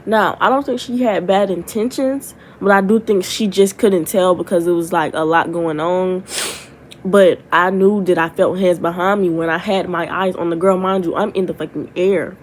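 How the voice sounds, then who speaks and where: Brief: young woman vlogger, lively storytime delivery, profane asides, sits a bit back from the mic with faint noise. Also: fairly low pitch, moderate pace, far from the mic, low-quality recording. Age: young adult. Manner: animated, swears freely, retells with many asides. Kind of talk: casual storytime.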